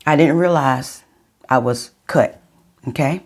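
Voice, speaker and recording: A middle-aged woman vlogging, telling her viewers a personal story in a chatty, unhurried way. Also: deep voice, slightly rough.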